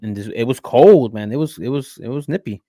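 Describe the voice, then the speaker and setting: A man's voice: medium pitch, expressive, fast talker, mellow, no echo, studio quality. A man co-hosting a podcast, chatting casually and often repeating words as he starts a thought. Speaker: podcast co-host.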